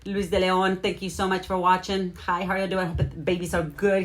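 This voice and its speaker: A woman's voice: fairly low pitch, flat delivery, fairly quick. A woman hosting a casual live stream, explaining things in a roundabout way and greeting her viewers by name. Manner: chatty, greets viewers by name, repeats herself. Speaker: livestream host.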